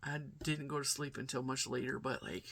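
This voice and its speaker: Chatty woman in her forties, bright voice. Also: a bass voice, fairly even intonation, fairly quick, creaky, slightly rough. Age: 40s. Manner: rambling and chatty, acting out quoted dialogue. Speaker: crochet vlogger. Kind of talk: casual chat.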